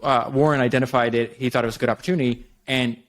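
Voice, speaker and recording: A man podcaster in a casual conversation, telling stories in rapid, profane, run-on sentences. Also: mid-range voice, fairly even intonation, slight background noise.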